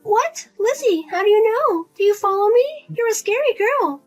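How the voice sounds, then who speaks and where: Playing a pushy middle-aged mom, a woman nags, pleads, and lays on the guilt with her grown daughter in a whiny way. Her very high-pitched voice has lively intonation at a normal speed, and soft music plays in the background.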